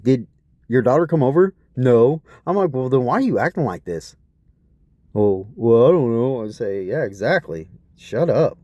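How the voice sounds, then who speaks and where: Aggrieved man ranting, lively pitch. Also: dry recording, clean studio sound. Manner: aggrieved, profane, repeatedly asks what is wrong with people. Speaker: vlogger. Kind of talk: rambling personal account.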